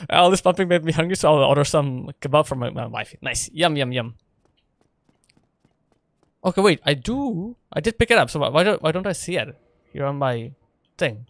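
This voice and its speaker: A man's voice: a little high, expressive, unhurried, long pauses, fairly bright tone, no echo, clean studio sound. A man streaming a video game in casual chat, playful and laughing often as he talks with his viewers. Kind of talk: casual live gameplay chat.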